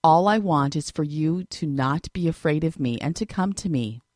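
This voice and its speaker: Gentle Jesus, sad and loving, deep and lively in pitch, read by a woman; dry, close sound. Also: normal speed, no echo. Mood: gentle pleading. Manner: sad, gentle, pleading questions.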